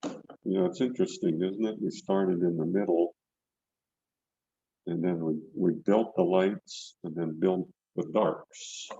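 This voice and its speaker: He sits low, steady, and measured, his voice gravelly, warm, and husky. An older man, he gives a loose, rambling painting demonstration over a video call from his studio, repeating words as he paints. The call mic's recording is dry and lo-fi.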